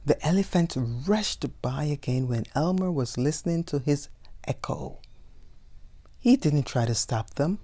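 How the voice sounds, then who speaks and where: A woman reading a picture book aloud as a storyteller, in a slow, expressive, gentle way. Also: deep voice. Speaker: storyteller, channel host.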